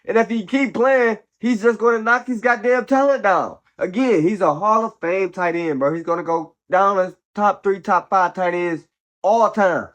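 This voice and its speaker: On his casual football commentary channel, a somewhat sick male host speaks at a moderate pace in a high, slightly bright voice. He's blunt and opinionated, heavy on slang and profanity, and keeps saying "bro" and "man."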